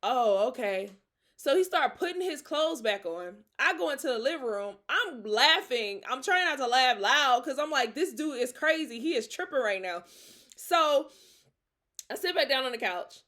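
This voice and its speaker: A young woman hosting a podcast, telling a story in a lively, dramatic way with slang and frequent laughter. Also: high voice, moderate pace. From Atlanta. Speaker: podcast host. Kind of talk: casual storytelling.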